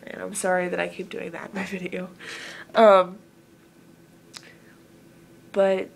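A woman's voice: on the low side, monotone, slow pace, creaky, slight background noise. A woman from Southern Oregon talking casually to camera in an earnest, rambling way, full of filler words. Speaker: vlogger.

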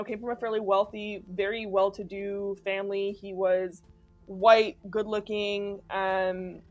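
A woman from Canada, talking candidly in a documentary interview in a chatty way, full of fillers. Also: mid-range voice. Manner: candid, chatty, many fillers like "like" and "you know". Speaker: interviewee telling of being stalked.

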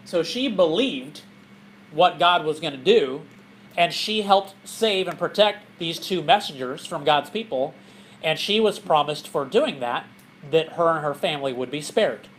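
A man, a pastor, teaching a Bible study to a group in a church, animated and often laughing as he asks questions. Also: on the high side, unhurried, slight background noise, low-quality recording.

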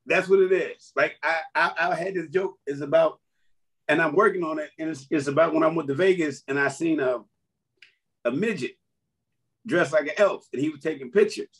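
Husky, high-voiced man, lively delivery. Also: moderate pace. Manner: animated, laughs through his stories. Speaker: comedian guest. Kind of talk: casual chat explaining jokes.

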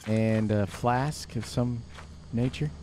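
A young man hosting a co-op horror game playthrough, excitable and jokey, pleading and yelping when scared and boasting when he survives. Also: medium pitch, takes it slowly, slight background noise. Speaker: let's play host. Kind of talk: casual gameplay commentary.

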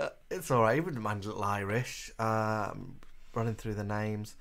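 A man's voice: on the low side, normal speed, gravelly, a bit bright. A man co-hosting a livestream, chatting casually and camply as he reads out and greets viewers by name. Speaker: co-host of a livestream. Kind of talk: casual livestream chat reading out viewer names.

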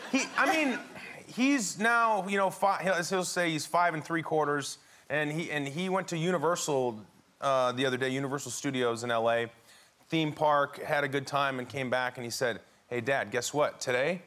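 A man's voice: on the high side, normal speed. A man guesting on a chat show, telling a family anecdote and laughing often. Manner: animated storyteller, laughing often. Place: TV studio with audience.

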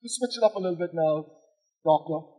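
A man's voice: high-pitched, fairly quick, dark tone, slightly rough, low-quality recording. A man from the Bahamas hosting a casual interview, rambling and restarting his questions, then joking with his guest. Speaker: host.

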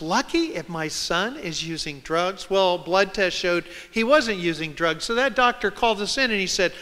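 A man's voice: sits high, animated, moderate pace, hardly any pauses, sharp tone. A man giving a public talk, telling a personal story and acting out the voices of the people in it. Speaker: speaker. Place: large hall with audience. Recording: long hall reverb.

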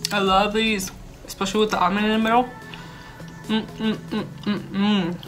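A young woman vlogging casually, gushing and chatty as she tastes food at home, slipping Spanish words into her talk. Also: mid-range voice. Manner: bubbly, gushing, mixes in Spanish words while eating. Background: background music.

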